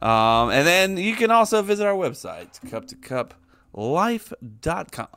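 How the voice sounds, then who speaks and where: A man's voice: sits high, big pitch swings, a little slow, fairly bright tone, smooth. A man hosting a podcast, chatting casually with heavy swearing and teasing. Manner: profane, teasing. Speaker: podcast host.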